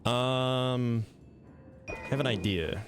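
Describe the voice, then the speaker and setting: A man giving live gameplay commentary, thinking aloud in a relaxed way with some mild swearing. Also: medium pitch, takes it slowly, soft background music. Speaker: game streamer.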